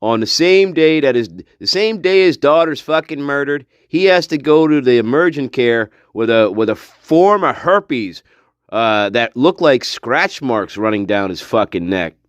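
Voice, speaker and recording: Male livestream host: profane, scornful ranter with a lively, swooping pitch, laughs a lot, dry close sound. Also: a little slow, clean tone, dry recording, muffled recording. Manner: frequent laughter, trailing off into mutters. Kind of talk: livestream commentary reading chat.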